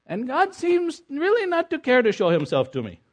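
A bewildered male believer friend asks his question in a strained, lifted voice, as a preacher puts him on. He sounds earnest and honestly puzzled, pitched well above his usual speech. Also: wildly swooping pitch, normal speed, full character voice.

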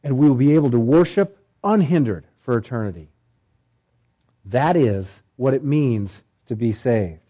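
A male pastor delivering a sermon, emphatic, with swelling pitch and repeated phrases. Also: expressive, a little slow, dark tone, dull audio.

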